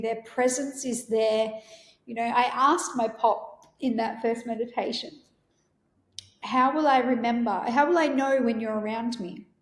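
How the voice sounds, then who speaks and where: A woman's voice: fairly high pitch, reverberant. A woman, hosting a podcast and telling a personal story in an earnest, emotional, rambling way. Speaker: podcast host.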